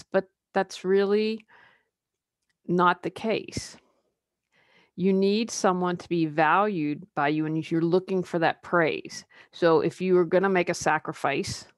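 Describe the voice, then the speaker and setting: A woman hosts a solo coaching podcast in a lowish voice. She talks in a conversational, candid way and adds personal asides. The recording is dry and close. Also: no echo. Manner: conversational, drops into mocking put-on quotes. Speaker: life coach and podcast host.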